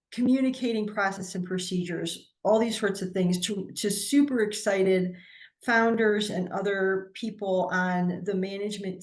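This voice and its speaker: A woman guest on a video call, talking through finance points in an explanatory way, often restarting her phrases. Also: mid-range voice. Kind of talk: casual video call discussion.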